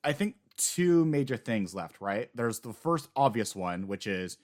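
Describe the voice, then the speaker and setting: A man casually discussing anime on a podcast, lively and laughing often. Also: medium pitch, a little slow. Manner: animated, laughs often, acts out quotes.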